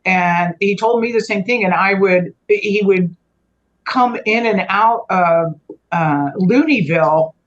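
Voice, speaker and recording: A woman's voice: medium pitch, takes it slowly, lo-fi sound. A woman guest telling a personal story in a conversational way. She often stops and restarts her sentences and lets phrases trail off.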